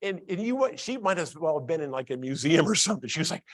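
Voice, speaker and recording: A man's voice: on the high side, sing-song, fast talker. Man telling stories to a training audience. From Columbus, Ohio. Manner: engages audience with questions. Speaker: workplace training speaker. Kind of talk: storytelling keynote talk.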